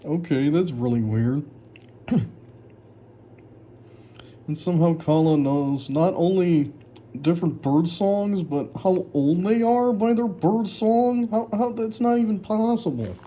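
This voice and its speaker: Speaking slowly in a fairly high voice with a dark tone, a man sarcastically mocks his own old writing while reviewing one of his stories, laughing often in casual commentary.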